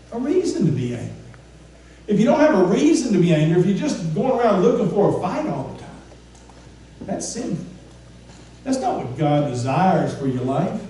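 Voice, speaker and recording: High-voiced man preaching in an echoey church. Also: dark tone. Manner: asks the congregation questions, restarts with repeated words. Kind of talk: conversational sermon. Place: church sanctuary. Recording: echoey church room from far off, faint noise.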